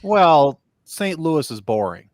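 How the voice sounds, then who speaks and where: A man's voice: a little high, big pitch swings, slow pace, a little mellow, no room sound. A man in casual podcast chat who throws in wry, teasing one-liners.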